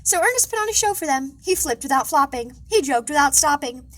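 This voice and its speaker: Brief: high, animated woman librarian, playful picture-book read-aloud. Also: brisk, rough recording. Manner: expressive, playful storytelling. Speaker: children's librarian. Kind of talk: children's storytime read-aloud.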